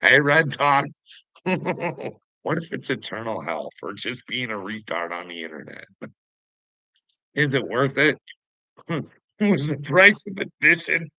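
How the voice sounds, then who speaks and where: A Canadian man hosting a livestream, goading the people in his chat and chuckling after nearly every line. He talks in an unhurried drawl with a bright, forceful edge, and his voice is close and dry with no room sound. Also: mid-range voice, big pitch swings, dry recording, rough recording. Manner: taunting, laughs often between phrases; addresses chatters by name, mocking. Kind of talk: casual livestream chat with viewers.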